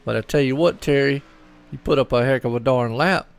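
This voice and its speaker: Gravelly, chatty male race commentator. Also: medium pitch, fairly quick. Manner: chatty and rambling, repeats words; folksy, upbeat. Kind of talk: live sim-racing commentary.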